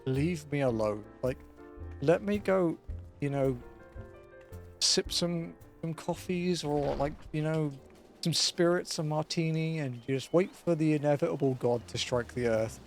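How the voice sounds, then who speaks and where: A man's voice: on the high side, unhurried, soft background music. A man streaming a video game, chatting casually and laid-back, swearing and chuckling often. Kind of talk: casual gaming commentary.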